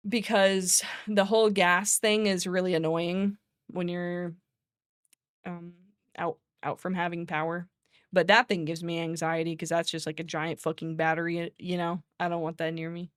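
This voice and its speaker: A woman's voice: lowish voice, level tone, normal speed, smooth, no room sound, clean studio sound. A woman streamer in casual chat from her home, giggly and rambling, calling herself nervous.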